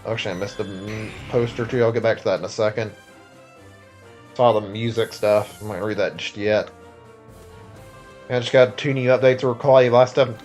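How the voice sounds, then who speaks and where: A man's voice: fairly low pitch, fairly even intonation, normal speed, long pauses, a little mellow, soft background music. A tired man streaming a video game, chatting casually and rambling with many filler words and restarts. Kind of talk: casual live-stream chat.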